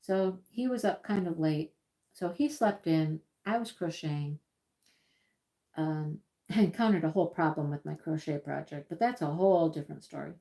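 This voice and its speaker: At her home crafting table, a livestream host talks casually as she works. Her voice is low and dark, her pace moderate, and her chat rambles, with words frequently repeated.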